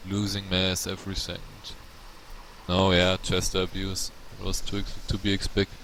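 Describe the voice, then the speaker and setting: A man's voice: low-pitched, completely flat delivery, moderate pace, fairly bright tone, slight background noise, poor audio. A man with a German accent giving casual, analytical game commentary. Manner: analytical, plain-spoken play calls.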